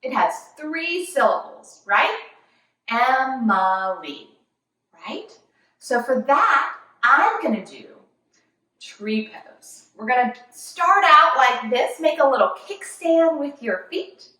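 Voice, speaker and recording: A young woman guides children through yoga with a cheerful, encouraging, sing-song delivery. Her high voice leaps all over as she talks. She is heard from some distance in a very echoey room. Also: sing-song, takes it slowly, sharp tone. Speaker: kids yoga teacher. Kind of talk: children's yoga class instruction.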